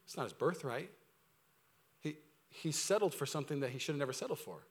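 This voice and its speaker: Fast, bright-voiced energetic male pastor. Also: fairly high pitch, breathy edge. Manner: energetic, swings from loud urgent preaching to quiet intimate asides. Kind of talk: sermon.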